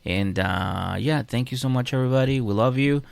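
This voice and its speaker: A man's voice: medium pitch, moderate pace, gravelly, no room sound. Rambling man co-hosting a podcast. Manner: rambling, restarts, acts out quotes. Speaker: podcast co-host. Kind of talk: casual chat.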